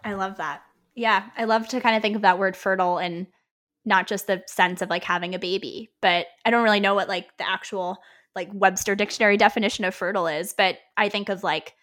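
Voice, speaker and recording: Bright, chatty woman podcast co-host. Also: mid-range voice, fairly even intonation, brisk. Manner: chatty, many filler likes, laughs often. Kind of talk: casual podcast chat.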